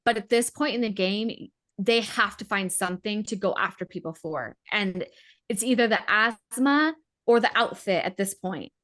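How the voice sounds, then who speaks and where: A woman's voice: medium pitch, normal speed, a bit bright. A woman co-hosting a casual podcast, talking through a reality show with many fillers and emphatic asides. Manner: emphatic, lots of "like", defends players. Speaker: podcast co-host. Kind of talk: casual recap chat.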